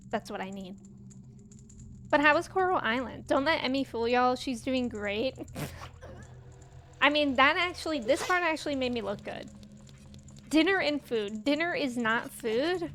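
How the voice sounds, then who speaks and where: A woman's voice: high-pitched, a bit bright, slight background noise. A young woman with a Midwestern American accent, chatting casually and giggling with viewers while she streams a game. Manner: giggly, rambling, chats with viewers. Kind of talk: casual gameplay livestream chat. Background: game music.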